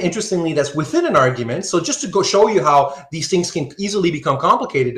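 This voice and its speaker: Animated man lecturing in an echoey room. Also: fairly high pitch. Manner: animated, often asks "right?". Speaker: philosophy lecturer. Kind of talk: online class lecture.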